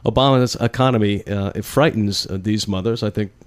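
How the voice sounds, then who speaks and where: A man's voice: lowish voice, fairly quick. A man hosting a political talk show, wry and folksy, ticking through points with a recurring catchphrase. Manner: folksy, wry, repeats a catchphrase, chuckles at own jokes. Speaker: host.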